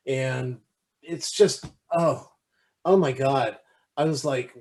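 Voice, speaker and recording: A man in casual podcast chat, retelling a movie in a rambling way full of fillers and restarts. He slips into acted-out voices when he quotes people. His pitch sits in the middle for a man. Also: slow pace, long pauses, darkish tone. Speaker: podcast co-host.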